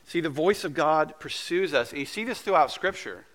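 A man serving as pastor, preaching a conversational, earnest sermon that at times drops to a hush. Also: on the high side, lively intonation, normal speed, few pauses. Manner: conversational and earnest, with soft hushed asides.

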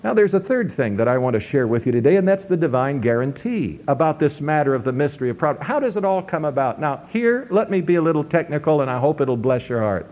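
Man, pastor, sermon, high voice, swoops up and down, teaching scripture verse by verse. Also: very animated, quick pace, few pauses, a little mellow. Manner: preaching with sweeping rises and drops in pitch.

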